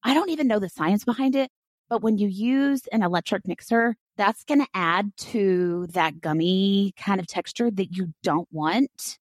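A woman's voice: medium pitch, normal speed, no echo. A woman co-hosting a podcast, explaining a recipe in an easygoing, offhand way. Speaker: podcast co-host. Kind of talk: casual chat.

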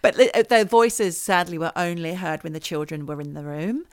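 A woman, co-hosting a podcast and telling a story in a casual, animated way. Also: fairly low pitch, fairly quick, no echo, studio quality. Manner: animated storyteller, mimics voices. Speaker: podcast co-host.

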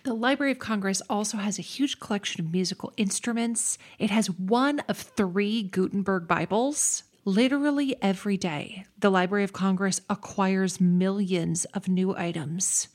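A woman podcast host explaining things in a clear, practical, advice-giving way. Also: mid-range voice, normal speed, few pauses, a little mellow. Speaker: podcast host answering listener questions. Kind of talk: explanatory casual talk.

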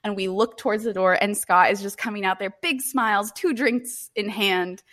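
Young woman co-host, 20s, animated storyteller with frequent laughs and a loose, swearing delivery, mid-range pitch. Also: normal speed. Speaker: podcast co-host. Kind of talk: casual storytelling chat.

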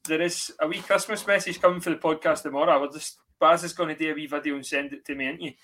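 A man's voice: a little high, steady tone, fast talker, sharp tone. A Scottish man hosting a football podcast, chatting casually with lots of swearing and laughter. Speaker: podcast host. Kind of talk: casual chat.

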